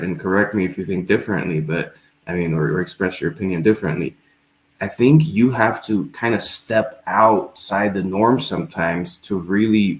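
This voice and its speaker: A man hosting a talk show, speaking earnestly and reflectively as he tells a personal story in a casual discussion. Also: low voice. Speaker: show host. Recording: roomy echo.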